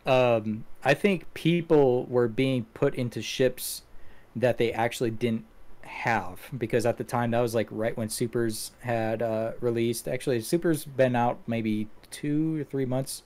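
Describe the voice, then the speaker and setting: A man's voice: medium pitch, fairly even intonation, measured pace, a little mellow. A man hosting a casual gaming podcast, talking in a loose, rambling way with many fillers and restarts. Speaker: podcast host.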